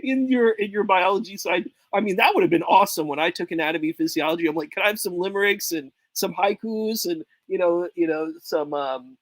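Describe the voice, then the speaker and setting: Man panelist, casual rambling chat, slightly higher voice, dry close sound. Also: fast talker, few pauses, no room sound, rough recording. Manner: rambling, animated when quoting others. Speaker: debate panelist.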